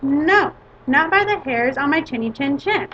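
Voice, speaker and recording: A woman's voice: high voice, lively intonation, measured pace, sharp tone, full character voice. A woman voicing a defiant little male pig in a storybook reading, with a simple sing-song refusal. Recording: dull lo-fi recording with faint hiss.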